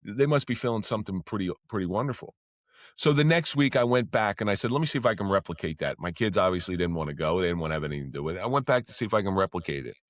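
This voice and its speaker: A former police officer talks as a podcast guest in a low voice with a dry, close sound and no room around it. He tells his stories plainly and candidly, with swearing, and his pitch leaps upward whenever he gets excited. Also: rapid-fire, no room sound. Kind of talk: casual storytelling.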